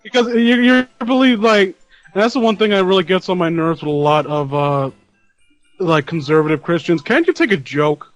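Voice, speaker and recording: A man co-hosting a let's play, speaking bluntly and with strong opinions in casual chat. His voice sits notably high for a man. Faint music plays behind him. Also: normal speed, no echo, low-quality recording.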